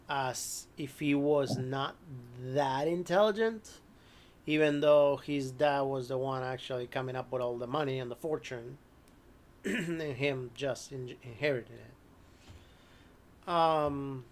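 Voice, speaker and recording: A man narrating as game master of a tabletop horror game, unhurried, with many ums and frequent throat clearing. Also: mid-range voice, a little hiss or hum.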